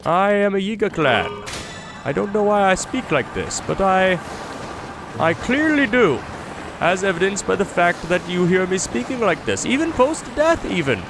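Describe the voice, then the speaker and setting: A man's voice: high-pitched, big pitch swings, moderate pace, noisy background, voice pushed up. A man voicing a goofy male cultist ninja who rambles a sing-song villain monologue. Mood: goofy menacing.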